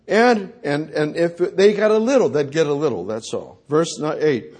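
Husky male preacher, slow and emphatic, lively pitch, repeats himself. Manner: emphatic, repetitive, restarts and stammers. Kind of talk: sermon.

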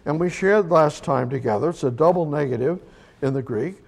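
A man teaching a verse-by-verse Bible sermon, slow and emphatic, repeating words as he explains. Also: on the high side, gravelly. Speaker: preacher.

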